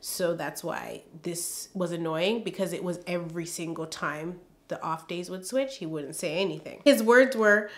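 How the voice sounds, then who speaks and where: A woman's voice: fairly low pitch, normal speed, few pauses. A woman telling a storytime vlog, reading her old journal aloud and breaking in with emphatic, exasperated asides. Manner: emphatic, exasperated asides between read-out passages.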